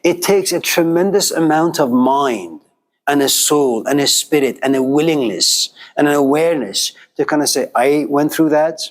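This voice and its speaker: A middle-aged man with a slightly high voice, speaking at normal speed, gives an informal philosophy lecture in a classroom. He's conversational, telling stories and acting out the voices he quotes.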